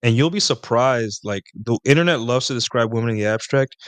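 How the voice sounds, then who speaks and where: A man's voice: mid-range voice, lively intonation, a little fast, clear, resonant tone, dry recording. A young man hosting a live Q&A stream, talking casually and rambling with many restarts and fillers.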